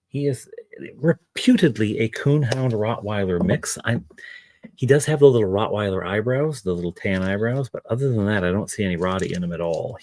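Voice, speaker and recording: A man's voice: lowish voice, expressive, a little fast, darkish tone, no room sound. A middle-aged man streaming his miniature painting, chatting in a rambling way with his viewers and his dog. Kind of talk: casual live-stream chat.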